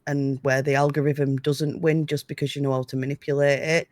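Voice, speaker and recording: Male panel guest, slightly high voice, dry close sound, blunt and fed up. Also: little pitch movement, fairly quick, dry recording. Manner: frustrated, blunt, emphatic. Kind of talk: casual panel chat.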